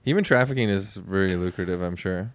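A man's voice: deep voice, brisk, no echo. A man casually chatting as a podcast co-host, rambling, swearing and laughing often. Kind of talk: casual comedic chat.

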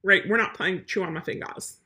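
A woman's voice: mid-range voice, fairly quick, bright, forceful tone, slight background noise. A woman service dog trainer giving blunt, emphatic advice while answering viewer questions live. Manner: blunt, emphatic, matter-of-fact.

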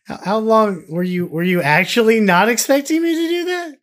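A man's voice: high voice, expressive, moderate pace, a bit bright. A man co-hosting a podcast in casual chat, leading the segment with dry jokes and puns. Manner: dry, jokey, leads the segment. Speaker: podcast co-host.

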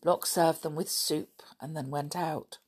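A woman reads a children's adventure aloud in a steady, expressive manner. Her voice sits a little low for a woman. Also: a little slow, slightly rough. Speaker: storyteller. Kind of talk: reading a children's book aloud.

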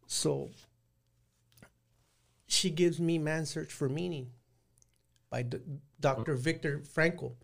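A man's voice: fairly high pitch, takes it slowly, creaky, pauses often. A middle-aged man recounting his life in a casual interview, plain-spoken and rambling, with many restarts. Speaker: guest recounting prison life.

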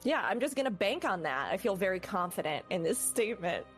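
A woman's voice: mid-range voice, very animated, a little fast, soft background music. A woman guest on a casual podcast chat, effusive and earnest, with some teasing. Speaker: podcast guest and content creator.

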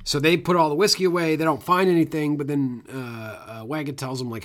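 A man with a somewhat high voice chats casually on a film podcast. He recaps scenes in a loose, rambling way, full of fillers and the occasional swear word. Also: fairly even intonation, brisk, few pauses, a bit bright. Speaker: podcast co-host.

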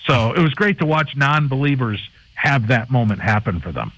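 A man on a radio talk show, telling a paranormal anecdote in a lively, casual way and acting out the people in it. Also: medium pitch, normal speed, low-quality recording. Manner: animated anecdote teller, acts out the people in his story. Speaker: paranormal TV host and guest. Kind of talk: casual storytelling chat.

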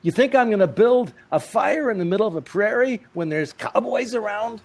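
A man's voice: high voice, lively intonation, normal speed, voice pushed up. A man doing a bossy, exasperated old actor. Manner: loud, exasperated, commanding. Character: temperamental older actor, male, bossy.

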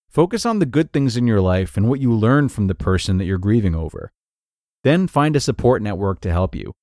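A man hosting a podcast who reads a blog post aloud in an earnest, measured way, then comments on it. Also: lowish voice, darkish tone, no room sound, clean studio sound. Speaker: podcast host.

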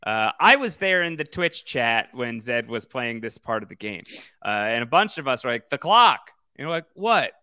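A man co-hosting a podcast, speaking with a bright, clear tone in a dry, close sound. He chats casually and haltingly, with many fillers and restarts. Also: mid-range voice, lively intonation, no echo. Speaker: podcast co-host. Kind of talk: casual chat about a video game.

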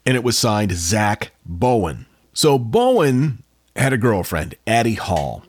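A man's voice: on the low side, big pitch swings, takes it slowly, darkish tone, slightly rough, no echo, studio quality. A man co-hosting a podcast, casually telling a true-crime story with jokey asides. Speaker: podcast co-host.

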